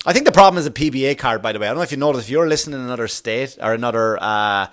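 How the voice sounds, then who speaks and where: Hosting his own comedy podcast, this man talks at a racing clip in a medium-pitched, slightly bright voice full of animation. His delivery wanders, turns profane, and builds toward real heat.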